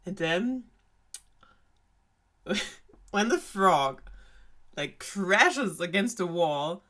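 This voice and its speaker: A woman's voice: fairly low pitch, expressive, very slow, fairly bright tone. A young woman from Germany, casually retelling a fairy tale with sarcasm, swearing and frequent laughs. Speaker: storyteller host.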